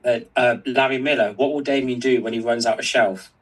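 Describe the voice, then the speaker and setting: Brief: male co-host on a stream, husky tone, off-mic, halting delivery. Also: medium pitch, fairly even intonation, distant mic, rough recording. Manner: hesitant, with fillers before reading out comments. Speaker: co-host reading viewer comments. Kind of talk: casual chat.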